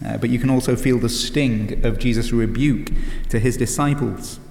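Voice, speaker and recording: A man's voice: mid-range voice, normal speed, vocal fry, a little mellow, slight background noise. A man preaching a sermon in an earnest way, with many "uh" fillers and rhetorical questions. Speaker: pastor. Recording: echoey hall with long reverb.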